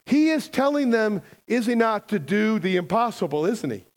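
A man's voice: sits high, very animated, normal speed. A man preaching a sermon as a pastor, emphatic and conversational, often asking the congregation questions.

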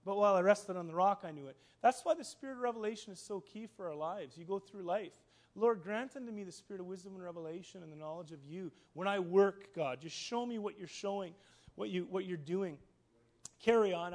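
A man with a fairly high voice preaches to his congregation. He is emphatic and animated, slipping into lively voices for the people in his stories. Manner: animated, emphatic, acts out Bible characters in quotes. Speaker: pastor. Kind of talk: sermon.

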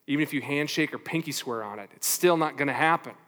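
A man preaching a sermon as pastor, animated, asking rhetorical questions and playing out little back-and-forth exchanges. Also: fairly high pitch, quick pace, big-room sound.

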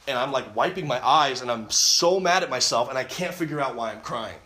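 A man's voice: mid-range voice, animated, a little fast, sharp tone. Man telling an earnest testimony, roomy sound. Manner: earnest storytelling, frequent restarts and repetition. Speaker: camp speaker. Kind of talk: personal testimony talk. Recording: roomy echo.

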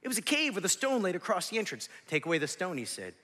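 A man in his forties preaching a sermon, swinging from loud shouts to near whispers, with joking asides to the congregation. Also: high voice, sing-song, quick pace, in a large hall. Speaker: pastor.

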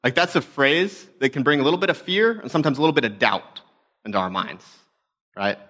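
Bright-voiced storytelling man pastor. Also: medium pitch, animated, a little fast. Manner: conversational, self-deprecating storytelling. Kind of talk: storytelling sermon talk.

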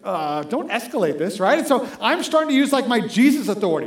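A male pastor delivers a lively sermon with a high voice, talking to the congregation conversationally and checking in with "right?" again and again. The sound is roomy, as though it were picked up in a large echoing sanctuary. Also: fast, few pauses. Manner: animated, conversational, keeps asking "right?".

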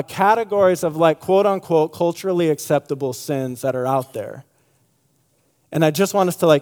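A man's voice: fairly high pitch, a little mellow. A man preaching a sermon in a loose, conversational way, with many fillers and restarts. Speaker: pastor. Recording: long hall reverb.

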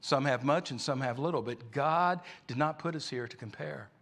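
A man's voice: mid-range voice, moderate pace, fairly bright tone. A man preaching a sermon, telling a story in a conversational way.

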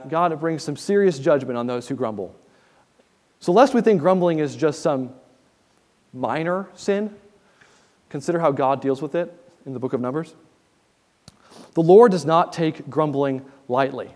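Man, pastor, conversational sermon, earnest, slightly high voice, long hall reverb. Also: a little mellow. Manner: earnest, conversational preaching with frequent restarts. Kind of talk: expository sermon.

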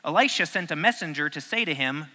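Bright-voiced joking preacher in a hall. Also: male voice, on the high side, animated, quick pace. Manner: joking, conversational, asks the audience questions. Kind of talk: casual teaching sermon. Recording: long hall reverb.

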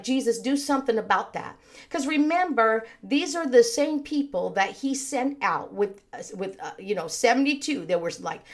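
Lady pastor preaching, kinda high voice, acts out the bible people as she goes. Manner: expressive preaching, acts out voices of scripture figures. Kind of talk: sermon.

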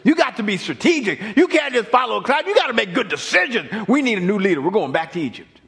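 A man playing a panicked crowd of Israelites shouting accusations at their leader. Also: high-pitched, very animated, quick pace, gravelly, voice pushed up, full character voice.

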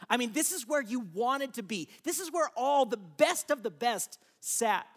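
A preacher retells a scripture story in an easygoing, chatty sermon. The voice sits in an ordinary middle pitch, and the delivery keeps inviting listeners in with quick asides. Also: animated.

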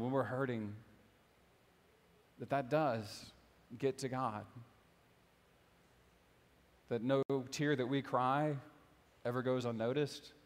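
A young man delivers a sermon in a relaxed, conversational way, dropping in light humor and casual fillers. His voice sits at an ordinary middle pitch for a man. The church around him carries his voice into a long, lingering reverb. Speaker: pastor. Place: church sanctuary.

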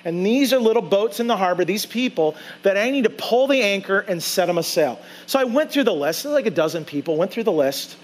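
A man's voice: sits high, animated, fairly quick, few pauses. A male pastor preaching a conversational sermon in a church, telling a story and acting out his own side of the dialogue. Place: church sanctuary.

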